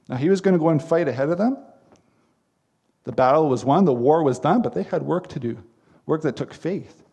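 Gravelly-voiced man preaching a sermon. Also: a little high, warm tone. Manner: earnest, emphatic preaching with repeated phrases. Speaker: pastor.

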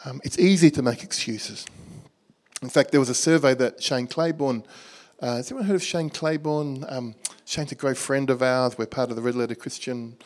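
A middle-aged Australian man preaching, telling a lively story and acting out the dialogue with a laugh in his voice. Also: medium pitch, moderate pace. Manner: animated storyteller, acts out dialogue, laughs at himself. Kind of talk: storytelling sermon.

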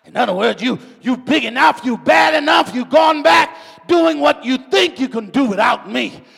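A man preaching a sermon, shouting out drawn-out phrases in call-and-response style. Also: very high-pitched, expressive, gravelly, slightly rough, soft background music. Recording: long church-hall reverb.

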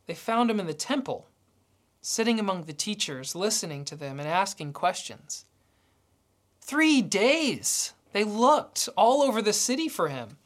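A woman delivers a sermon in a storytelling way. Her voice sits at a middle pitch, and she voices the dialogue as she narrates. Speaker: preacher.

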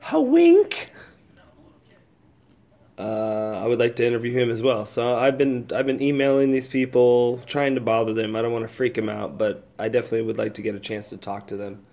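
A man's voice: mid-range voice, flat delivery, quick pace, gravelly, hardly any pauses, a little mellow. Rambling man hosting a solo podcast. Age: adult, old enough to be married. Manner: rambling, swears freely, thinks aloud. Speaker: podcast host. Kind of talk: casual solo podcast chat.

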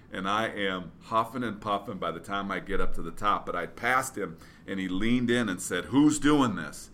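A man's voice: deep voice, pushed and bright, slight background noise. A man telling a motivational story in a casual, rambling way, with lots of fillers and restarts. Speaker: business speaker.

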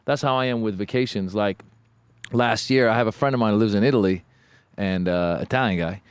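A man co-hosting a podcast, telling stories in a relaxed, rambling way in casual chat. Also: on the low side, fairly quick, smooth, no echo. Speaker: podcast co-host.

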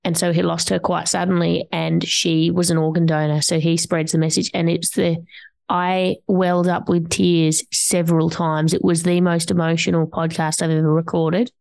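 A woman's voice: lowish voice, flat delivery, normal speed, gravelly, a little mellow, no echo. A woman hosting a podcast, chatting openly and sympathetically with her guest. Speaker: podcast host. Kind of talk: casual interview chat.

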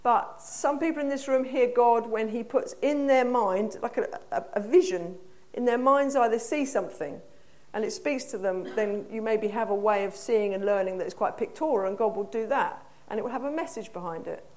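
An English woman with a fairly high voice preaches to a congregation. She talks in a conversational, earnest way and keeps asking the room questions. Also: moderate pace, few pauses, a little mellow. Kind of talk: sermon. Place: church hall.

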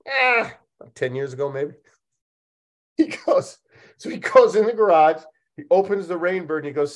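A man's voice: a little high, measured pace, long pauses. A man hosting a podcast, telling a story in a casual, comedic way, laughing often and acting out the dialogue. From Oregon, United States. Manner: animated, laughing, acts out dialogue. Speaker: podcast host.

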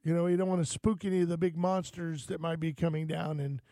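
A man from Florida hosts a morning talk radio show, his voice sitting high for a man. He rambles through stories with plenty of fillers and jokes. The sound is close and dry, with no room around it. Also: steady tone, fast, warm tone, dry recording. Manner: rambling, joking, fillers between thoughts. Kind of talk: casual talk radio banter.

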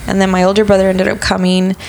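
A woman's voice: medium pitch, monotone, quick pace, vocal fry, darkish tone. A woman in casual conversation telling a personal story, chatty with many fillers, acting out what people said. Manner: chatty, many fillers, acts out quoted speech.

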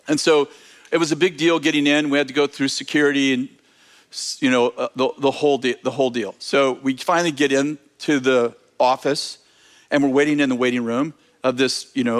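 A man, a preacher, telling a testimony story in an animated way, with frequent restarts and fillers. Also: medium pitch.

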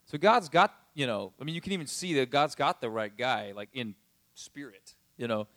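A man teaching from the Bible in a relaxed, conversational tone. His voice sits at an ordinary middle pitch, and he talks like he is chatting with friends, with lots of "you know" and "like". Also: moderate pace, dry recording. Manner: conversational, chatty retelling with fillers.

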